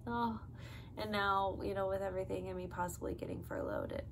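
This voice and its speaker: A woman's voice: medium pitch, level tone, quick pace, vocal fry, noisy background. Chatty young woman vlogger. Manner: chatty, with many "like" and "um" fillers. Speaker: vlogger, flight attendant. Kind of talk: casual storytelling to camera.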